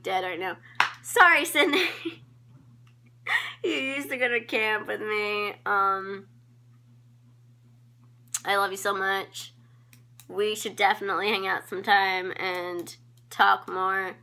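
A teenage girl vlogging casual shout-outs to friends into a phone camera, giggly and gushing, full of ums and likes. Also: mid-range voice, vocal fry.

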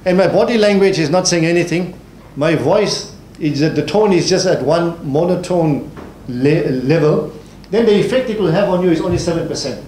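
A man's voice: high-pitched, darkish tone. A man from South Africa giving a public speaking workshop, listing points and quizzing the class. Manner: explains in lists, often asks the class questions. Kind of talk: workshop lecture. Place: lecture hall with audience. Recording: roomy hall, faint hiss.

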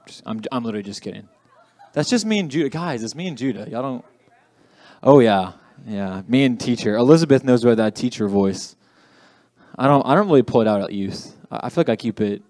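A man's voice: mid-range voice, expressive, fairly quick, a little mellow, dry recording. A young man preaching to a youth group in a loose, chatty way, joking at his own expense and tagging lines with "okay?". His voice sits mid-range and is recorded dry and close, with little room sound. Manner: chatty, self-deprecating, says "okay" often. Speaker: youth pastor. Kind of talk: casual youth sermon.

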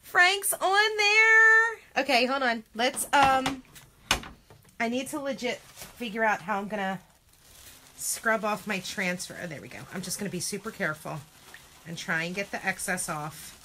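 A woman's voice: mid-range voice, moderate pace, bright, forceful tone, slight background noise. A woman chatting through a home craft demo, chatty and self-deprecating, often exclaiming. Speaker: craft vlogger.

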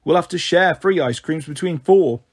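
A man's voice: a little high, normal speed, slightly rough. A man voicing a responsible older girl looking after younger children, anxious and caring.

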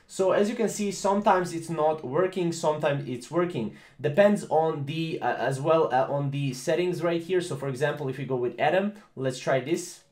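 A man's voice: fairly high pitch, moderate pace, few pauses, a little mellow, roomy sound. A man hosting a casual tech tutorial, rambling with many fillers and repeated phrases. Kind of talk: casual screen-recorded tutorial.

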